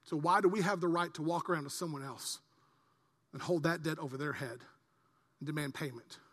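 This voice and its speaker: Impassioned pastor preaching in a reverberant church. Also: male voice, fairly high pitch, a little fast. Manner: swings from quiet earnest asides to loud impassioned preaching. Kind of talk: sermon. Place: large church hall.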